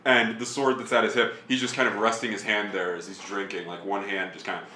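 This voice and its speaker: A man's voice: lowish voice, level tone, brisk, sharp tone, a little hiss or hum. A man narrating a tabletop role-playing game as game master, rambling with lots of fillers and vivid description. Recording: roomy echo, faint music behind.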